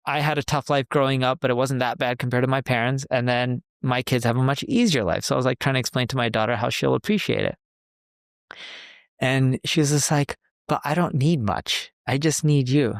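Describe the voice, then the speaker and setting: Male podcast co-host in his forties, middle pitch, casual storyteller, dry close mic. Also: steady tone, a little fast, gravelly, no room sound. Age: 40s. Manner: storytelling, quoting others in conversation. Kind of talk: casual chat.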